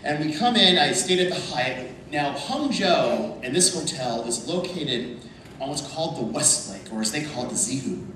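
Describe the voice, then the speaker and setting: A man speaking at a convention panel, telling a story over slides in an animated way and calling the audience "folks". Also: on the high side, moderate pace. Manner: animated, addresses the crowd as folks. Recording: echoey hall from far off, noisy.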